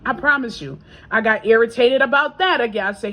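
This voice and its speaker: A woman with a slightly high voice talks through her day as a faith vlogger. She repeats phrases and adds asides as she goes, her voice falls soft on quoted prayers and jumps up on exclamations. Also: a little fast, low-quality recording. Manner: chatty and repetitive, with laughs and asides; swings between hushed prayer and raised exclamation. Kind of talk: casual testimony vlog.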